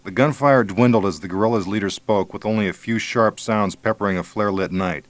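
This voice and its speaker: A man narrating an audiobook in a measured, low-key way. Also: no room sound.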